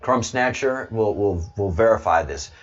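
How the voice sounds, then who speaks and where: Low-ish guy talking slow to his chat, keeps repeating words n chuckling, muffled stream audio. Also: lively intonation. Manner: rambling, stammers and repeats words, chuckles often. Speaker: livestream host reading chat. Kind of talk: casual livestream chat.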